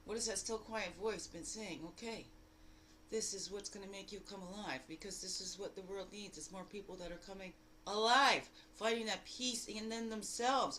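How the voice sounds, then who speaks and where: A woman giving a daily spiritual card reading in a lively, exclamatory way, full of rhetorical questions and repeated phrases. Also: slight background noise, rough recording. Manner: animated, jumping between loud bursts and low asides. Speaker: spiritual guide.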